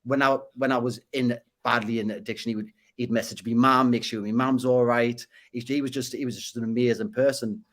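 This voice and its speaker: A man's voice: medium pitch, steady tone, fairly quick, few pauses, fairly bright tone. A man with a Geordie accent, a podcast guest telling stories in casual conversation, repeating and restarting words as he goes. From Northeast England. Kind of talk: casual interview storytelling.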